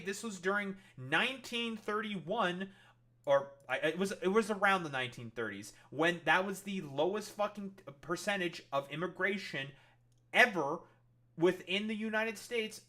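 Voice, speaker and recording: Bright-voiced man ranting angrily. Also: high-pitched, animated, moderate pace. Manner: angry, heavy swearing. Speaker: streamer. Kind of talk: ranting commentary over clips.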